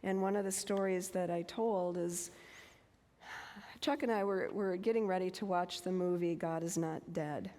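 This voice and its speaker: Woman in her 50s talking at church, slow and deliberate, big hall reverb. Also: on the low side, steady tone, dark tone. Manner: slow and deliberate, with homely asides. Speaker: guest speaker. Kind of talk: church talk with personal testimony. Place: church sanctuary.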